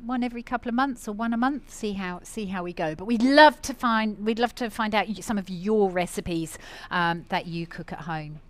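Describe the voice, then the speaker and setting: Chatty middle-aged woman, smooth voice. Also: medium pitch, normal speed, hardly any pauses. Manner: chatty, enthusiastic, warm-hearted rambling. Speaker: cooking show host. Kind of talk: live cooking demo chat.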